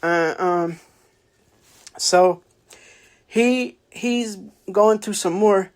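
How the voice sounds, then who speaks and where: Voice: medium pitch, extremely slow. Casual book-review host, rambling delivery, lots of fillers and self-corrections. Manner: rambling, many fillers and restarts; acts out characters' lines in a raised voice. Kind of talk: casual spoken book review, retelling the plot.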